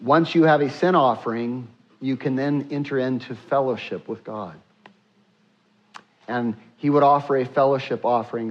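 A man preaching a sermon to his church, with frequent filler sounds and hushed acted-out prayers. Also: mid-range voice, steady tone, normal speed, highs cut off. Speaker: pastor.

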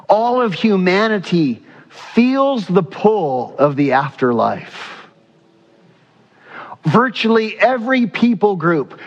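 Male pastor, higher-pitched, emphatic sermon delivery with repeated phrases; muffled, reverberant hall recording. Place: church sanctuary. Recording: dull sound with long hall reverb.

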